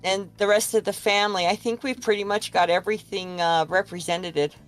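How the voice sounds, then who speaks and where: An older woman, a podcast guest, chatting casually in a frank, unhurried way. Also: medium pitch, fairly even intonation, faint music behind. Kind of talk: casual chat.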